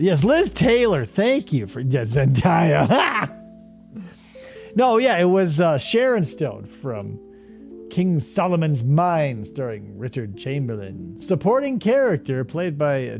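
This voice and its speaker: Animated, profane man riffing on stream. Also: fairly high pitch, measured pace, vocal fry, soft background music. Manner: jokey, profane, does mocking voices. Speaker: streamer host. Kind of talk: casual livestream commentary.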